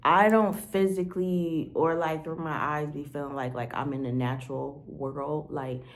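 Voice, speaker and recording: Low-voiced woman rambling diary-style. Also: steady tone, moderate pace. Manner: rambling, frequent "like" fillers; candid, swears casually. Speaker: vlogger. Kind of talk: casual diary-style monologue.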